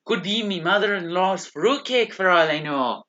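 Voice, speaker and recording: A man voicing a grumbling adult stone mason with a put-on Scottish accent and gruff, folksy talk. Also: sits high, lively intonation, moderate pace, pushed and bright, highs cut off, voice pushed up. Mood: cheery.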